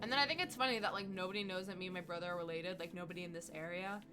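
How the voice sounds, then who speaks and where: A young woman streamer telling a rambling, animated story while she plays a game at home. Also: on the low side, racing, music in the background. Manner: chatty, rambling, animated retelling. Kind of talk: casual storytelling while gaming.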